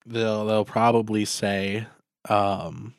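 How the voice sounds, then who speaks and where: A man's voice: lowish voice, level tone, slow, creaky, clean tone, no echo. A young man co-hosting a podcast in casual chat, making dry, matter-of-fact quips. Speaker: podcast co-host.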